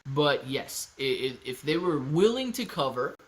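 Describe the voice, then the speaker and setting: A man's voice: medium pitch, big pitch swings, unhurried. A man hosting a casual live stream about stocks, reading viewer messages and answering them in an upbeat, chatty way. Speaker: livestream host answering viewer chat. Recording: home livestream setup.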